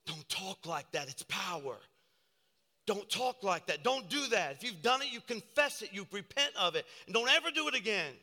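Bright-voiced male preacher in reverberant hall. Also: high-pitched, expressive, normal speed. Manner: fervent, repetitive preaching. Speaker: pastor. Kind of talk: sermon.

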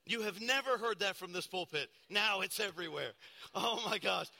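A middle-aged male pastor preaching with a very bright, ringing voice that sits high for a man. He swings between loud, emphatic exclamations and hushed storytelling. His voice carries a long reverb from the church hall. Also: moderate pace, creaky. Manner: self-deprecating humor. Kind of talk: sermon. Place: church sanctuary at a pulpit.

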